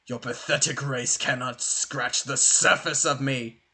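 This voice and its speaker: A man's voice: medium pitch, steady tone, a little slow, pushed and bright, breathy edge, pitched below the performer's own voice, heavily acted. A man voicing a powerful villain who talks down to his foes with contempt. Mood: contemptuous. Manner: cold, contemptuous. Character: scornful powerful male villain.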